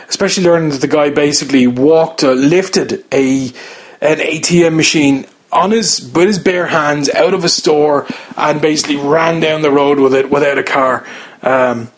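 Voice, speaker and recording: Rambling man reviewing a TV episode. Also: a little high. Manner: rambling, many ums and restarts, opinionated. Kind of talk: casual spoken review.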